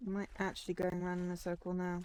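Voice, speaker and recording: A woman's voice: lowish voice, completely flat delivery, fast, a little mellow, slight background noise. A young woman chatting casually as she streams a game, musing aloud and answering her chat. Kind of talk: casual gameplay commentary.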